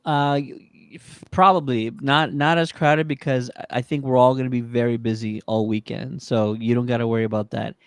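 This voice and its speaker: A man's voice: medium pitch, fairly even intonation, fairly quick, smooth, no echo, clean studio sound. A man hosting a podcast in casual chat, upbeat and promotional, with frequent restarts. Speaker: podcast host.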